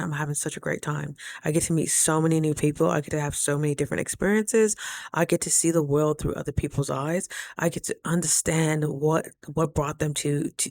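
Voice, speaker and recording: A woman talks straight to camera in a casual vlog, spinning a story with playful, expressive flair. Her voice carries a gravelly, fry-edged texture, and the sound is close and dry with no room ring. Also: low-pitched, no echo. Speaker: vlogger.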